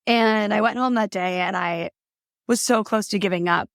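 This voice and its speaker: A young adult woman, a holistic nutrition consultant, appears as a podcast guest and tells her story earnestly and casually, with lots of fillers, in a relaxed interview. Her mid-range voice moves at a moderate, smooth pace, recorded with studio quality and no echo.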